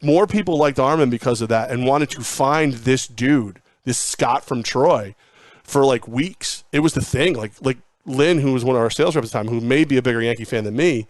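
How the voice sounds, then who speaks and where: A man in his forties tells long, meandering stories from his radio career, often slipping into the voices of the people he quotes. His pitch sits at an ordinary middle for a man. The recording is dry and close, with no room sound. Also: moderate pace, no echo. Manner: rambling anecdotes, acts out quoted dialogue. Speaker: guest, former sports radio host. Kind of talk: casual interview storytelling.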